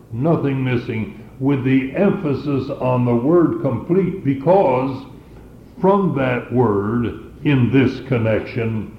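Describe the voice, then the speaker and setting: Slow, measured male preacher in a roomy space. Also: medium pitch. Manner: measured, emphatic, repeats key phrases. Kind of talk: sermon. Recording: roomy, dull lo-fi sound with faint noise.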